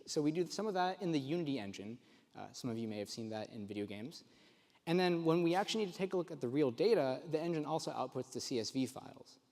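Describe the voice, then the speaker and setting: A young man gives a conference talk with eager, explanatory energy, now and then stumbling into fillers and restarts. His voice sits a little higher than most men's, and it carries through a large room with a long reverb tail. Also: darkish tone. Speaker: conference presenter. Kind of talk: technical presentation.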